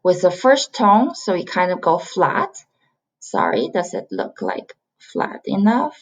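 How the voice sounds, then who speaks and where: A woman's voice: lowish voice, wildly swooping pitch, takes it slowly. A woman from China, teaching a beginner pronunciation lesson and patiently repeating sounds to model the tones. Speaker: Chinese language teacher. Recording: slightly dull lo-fi recording.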